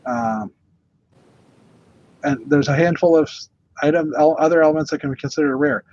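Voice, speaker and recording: A man's voice: on the high side, sing-song, moderate pace, gravelly, darkish tone, lo-fi sound. A man co-hosting a casual chat about toy bricks, talking with many fillers and restarts. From Canada. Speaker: podcast co-host.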